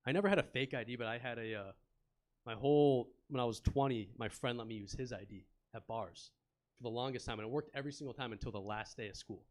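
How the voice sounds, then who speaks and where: A young man performs stand-up at a comedy club, speaking into a handheld mic. His voice sits at a middle pitch and his delivery is loose and chatty. He tosses easy banter at the audience between stories. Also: fast talker. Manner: laid-back, chatty, banters with the crowd.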